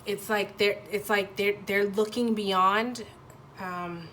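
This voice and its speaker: Nasal woman giving a halting tarot reading. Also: mid-range voice, fairly even intonation, sharp tone, a little hiss or hum. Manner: halting, searching for words with many restarts. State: nasal from a sinus infection. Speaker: tarot reader. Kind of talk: casual intuitive tarot reading.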